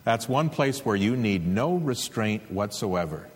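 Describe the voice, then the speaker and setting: Husky, animated male preacher. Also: on the low side, measured pace, long reverb tail. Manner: earnest, emphatic exhortation with rising intensity. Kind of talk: sermon.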